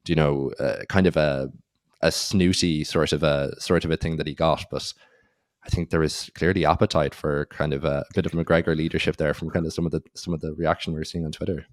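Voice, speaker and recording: A man's voice: a bass voice, steady tone, fairly quick, no room sound, studio quality. A young Irish man with an Irish accent, hosting a podcast and talking casually with lots of fillers and restarts. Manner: hesitant, filler-heavy. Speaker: podcast host. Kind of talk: casual interview chat.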